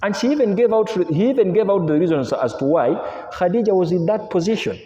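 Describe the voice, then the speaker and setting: Male preacher, lively storyteller, warm tone, roomy reverberant hall. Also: sits high, fairly quick. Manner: animated storytelling, mixing languages, rhetorical questions. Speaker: Islamic preacher. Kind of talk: sermon retelling stories. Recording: echoey hall with long reverb.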